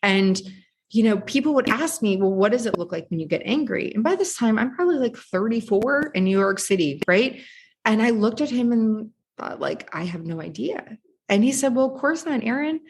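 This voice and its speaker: A woman from Virginia, a podcast guest and author, speaking in a heartfelt, expressive way and often asking "right?". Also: on the high side, moderate pace. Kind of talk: casual interview talk.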